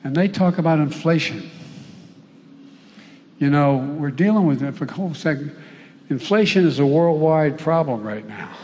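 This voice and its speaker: A man's voice: fairly high pitch, a little mellow, a little hiss or hum. Older man speaking in an echoey hall. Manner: rambling, halting, trailing off. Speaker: public speaker. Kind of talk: speech to an audience. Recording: echoey hall, faint crowd ambience.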